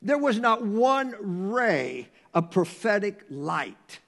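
A man preaching a sermon, reading scripture slowly and swinging from hushed tones to loud emphasis. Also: sits high, big pitch swings, gravelly. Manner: reads scripture in a slow, measured cadence.

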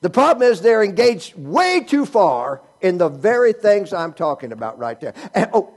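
A man's voice: high-pitched, sing-song, normal speed, breathy edge. A male pastor preaching a sermon, asking the congregation rhetorical questions and teasing them with humor.

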